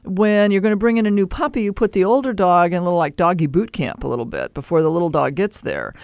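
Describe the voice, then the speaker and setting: A man hosting a call-in advice show, explaining pet behavior in an animated way with playful asides. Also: high voice, quick pace, creaky, no echo. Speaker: pet behavior expert host.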